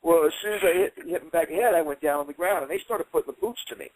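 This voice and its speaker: A middle-aged man, a guest fighter, telling a story on a radio show with animated delivery, swearing and acting out the voices of others. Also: a little high, racing, dry recording, low-quality recording. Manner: swears, acts out quoted voices. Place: radio studio.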